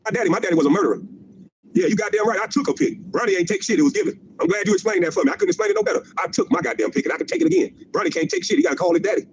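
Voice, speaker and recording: A man's voice: very high voice, wildly swooping pitch, rapid-fire, vocal fry, a little hiss or hum, poor audio. A middle-aged man delivering a profane, mocking livestream rant, repeating his jabs and laughing at them. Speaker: former pro basketball player ranting on a stream.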